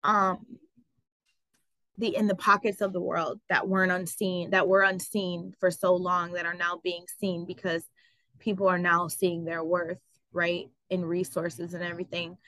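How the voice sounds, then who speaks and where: A woman telling her story as an interview guest, animated and full of fillers like "like" and "um". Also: on the low side, unhurried, no room sound, rough recording. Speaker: guest, travel business owner. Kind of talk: casual interview.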